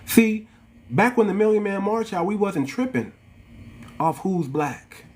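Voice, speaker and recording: A man with an African American English accent rants through a livestream monologue, his voice sitting a little high. He preaches and repeats himself, calling his viewers family. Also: expressive, unhurried, a little hiss or hum. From United States. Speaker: channel host.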